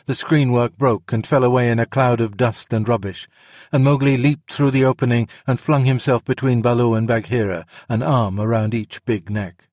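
A man reading a classic story aloud in steady scripted narration. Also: mid-range voice, normal speed, dry recording, studio quality.

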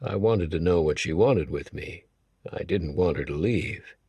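A man's voice: low voice, unhurried, warm tone, slightly rough, no echo, dull audio. A man narrating an audiobook in the first person, with a wry, nervous storytelling manner.

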